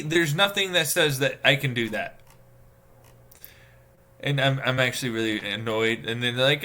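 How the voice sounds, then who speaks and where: Bright-voiced man ranting on stream. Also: mid-range voice, steady tone, moderate pace. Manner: profane, exasperated ranting with many fillers. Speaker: live streamer. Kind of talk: casual rambling stream talk.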